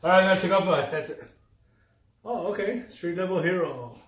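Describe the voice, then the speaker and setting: A man hosting a casual unboxing video, talking in a relaxed, chatty way and often trailing off mid-sentence. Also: high voice, moderate pace, distant mic, a little hiss or hum. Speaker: YouTube collector host. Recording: roomy sound a bit off-mic.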